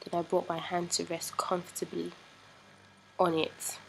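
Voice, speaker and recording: A woman putting on a British accent to tell a racy romance story in a dramatic, hushed way. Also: on the low side, completely flat delivery, unhurried, creaky, slight background noise, low-quality recording. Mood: sultry. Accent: put-on British.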